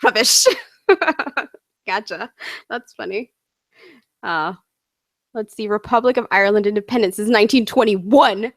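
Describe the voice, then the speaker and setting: A woman's voice: medium pitch, measured pace, long pauses, no room sound, studio quality. An American woman hosting a casual interview, friendly and curious, asking questions and laughing easily. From United States. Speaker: host and interviewer.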